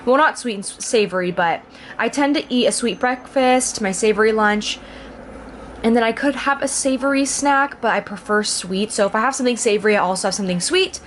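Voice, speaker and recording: A woman's voice: fairly high pitch, fairly quick, a little hiss or hum. Chatty young woman vlogging on a handheld camera. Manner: chatty, bubbly, laughs often, says "dude". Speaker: vlogger and bodybuilding competitor. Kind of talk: casual vlog chat.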